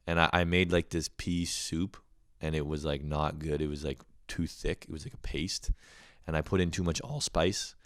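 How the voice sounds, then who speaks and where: A man's voice: extremely low pitch, fairly even intonation, moderate pace, darkish tone, no echo, clean studio sound. A man hosting a podcast, ranting casually and profanely, rambling with lots of "like" fillers. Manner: rambling, profane, heavy use of "like". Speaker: podcast host. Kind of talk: casual comedic rant.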